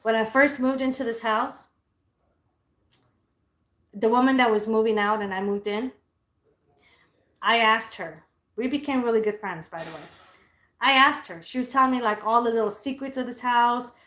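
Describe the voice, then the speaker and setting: A woman telling stories in a casual vlog, blunt, loud and profane, and she calls herself straightforward. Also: a little high, normal speed, pauses often. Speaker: vlogger. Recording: echoey room.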